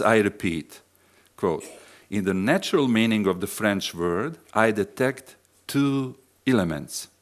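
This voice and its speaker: Male lecturer, Bosnian accent, reads a dense academic paper, lowish voice, very unhurried. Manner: measured, deliberate reading with pauses and self-corrections. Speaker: philosophy lecturer. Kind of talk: academic lecture read from a text.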